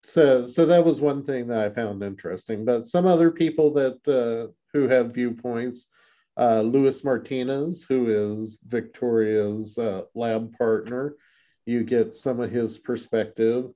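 A man's voice: medium pitch, measured pace, mellow. A man co-hosting a casual book discussion, rambling with fillers and restarts as he recaps the story. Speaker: podcast co-host.

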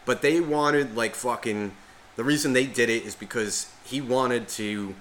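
A man's voice: mid-range voice, measured pace, fairly bright tone. A man co-hosting a podcast, rambling and swearing constantly as he rants in casual chat. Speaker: podcast co-host.

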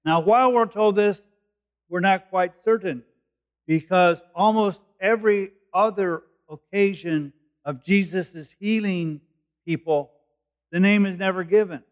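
A man working through a scripture passage like a teacher, explaining in a casual, conversational way. His voice sits a little high. The recording is muffled and lo-fi. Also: unhurried. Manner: conversational, explanatory, thinking aloud. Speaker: preacher. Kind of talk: verse-by-verse Bible teaching.

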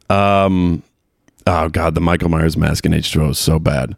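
A man with a very low, gravelly voice rambles through a casual movie chat, laughing often and swearing freely. The sound is dry and close. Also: little pitch movement, measured pace, long pauses, no room sound.

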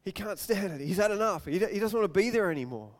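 A man preaching a sermon, telling stories and acting out quotes in loud bursts. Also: expressive, fast talker. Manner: storytelling, acts out quotes with sudden loud raised-pitch outbursts. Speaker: pastor. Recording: long hall reverb.

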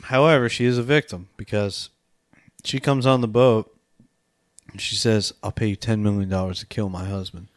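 A man's voice: fairly low pitch, fairly even intonation, normal speed, no echo, clean studio sound. A man co-hosting a podcast, casually recapping a film, laughing often and swearing as he acts out scenes. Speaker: podcast co-host. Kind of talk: casual movie-review chat.

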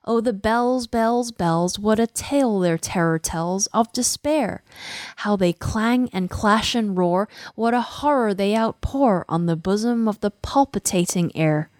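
A woman with a medium-pitched, darkish voice teaches a poem at an unhurried pace, recorded dry in studio quality. She gives a dramatic recitation with rhythmic emphasis, lingering on repeated words, then analyzes its language.

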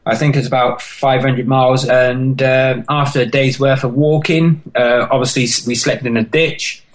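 A man's voice: mid-range voice, poor audio. Earnest British man telling his story. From United Kingdom. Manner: earnest, halting, emotional storytelling. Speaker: podcast guest, marathon runner. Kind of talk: personal life story in an interview.

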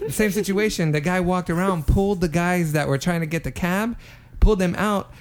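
With a high-pitched voice at normal speed, a young podcast co-host spins a casual, rambling story full of profanity. He's animated, acting out other people's quotes as he goes.

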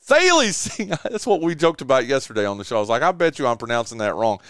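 A man's voice: medium pitch, expressive, fast talker, no room sound, studio quality. A man hosting a local sports radio show, chatting casually about game scores with lots of fillers and restarts.

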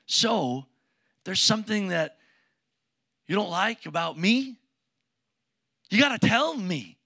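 A pastor delivers a relaxed, joking sermon to a congregation in the sanctuary, asking them questions along the way. He has a very high-pitched voice that is creaky, pushed and bright.

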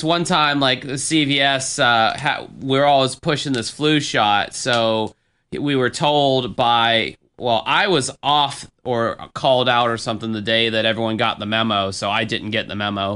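A man's voice: mid-range voice, pushed and bright, clean tone. A man co-hosting a casual podcast chat, venting bluntly with plenty of swearing. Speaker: podcast co-host.

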